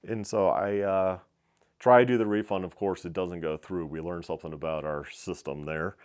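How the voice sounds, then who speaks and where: A middle-aged man who owns a small motorcycle shop tells a story in a blunt, profane, animated way, as a casual vlog. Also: deep voice, moderate pace, clean tone.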